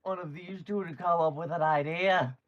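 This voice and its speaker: A woman's voice: fairly low pitch, steady tone, moderate pace. Blunt woman player, dull lo-fi mic. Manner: blunt, swears, impatient. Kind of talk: tabletop role-play chat.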